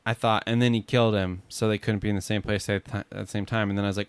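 A man's voice: fairly low pitch, flat delivery, fast, few pauses, clean tone, dry recording. A man co-hosting a podcast, chatting casually and jokingly about movies, trailing off with fillers. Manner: rambling, jokey, trails off with fillers. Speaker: podcast co-host.

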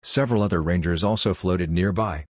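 A man narrating an audiobook story in a steady, even way. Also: low voice, fairly quick, dry recording, studio quality.

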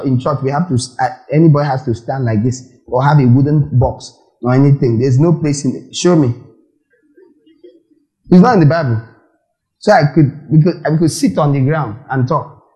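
A man preaching a sermon, animated and full of rhetorical questions to the audience. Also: on the high side, poor audio.

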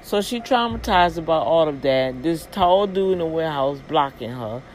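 A woman casually retelling a story, lively and expressive, acting out the people in it and dropping in religious asides. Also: normal speed, a little hiss or hum, poor audio. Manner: animated, acts out quoted voices with big pitch jumps.

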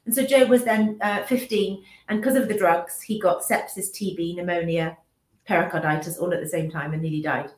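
A woman in her fifties, a business owner and mother, gives an emotional, candid account as an interview guest, her lowish, slightly mellow voice fairly even and a little fast. She often restarts sentences and acts out what others said, and the recording has a roomy echo.

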